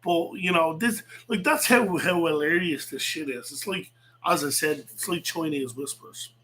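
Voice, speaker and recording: Man, bright edgy voice, rambling profane rant, faint hum behind. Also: on the high side, moderate pace, poor audio. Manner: profane, rambling, many fillers and restarts. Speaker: vlogger.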